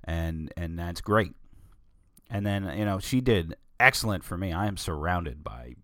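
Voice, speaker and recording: Casting: male solo host, low voice, opinionated and digressive, dry close sound. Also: animated, measured pace, sharp tone, no echo. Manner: rambling and opinionated, digresses freely. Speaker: podcast host. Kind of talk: casual solo monologue.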